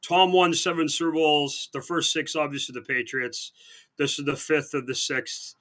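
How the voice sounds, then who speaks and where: A man's voice: on the high side, level tone, moderate pace, fairly bright tone. A man co-hosting a sports radio show, chatting casually and sarcastically, with lots of restarts. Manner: rambling, sarcastic, many restarts. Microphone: remote call-in line.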